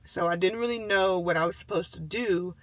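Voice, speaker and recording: A man's voice: sits high, fairly quick, a bit bright, no room sound. A man telling a personal story in a casual, chatty way, full of "like" and "you know", and acting out the voices of people and animals as he goes.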